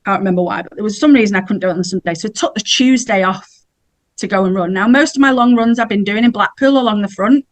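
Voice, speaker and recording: A woman's voice: mid-range voice, quick pace. A middle-aged woman, telling a personal story in a chatty way as a podcast guest and laughing now and then. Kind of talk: casual storytelling.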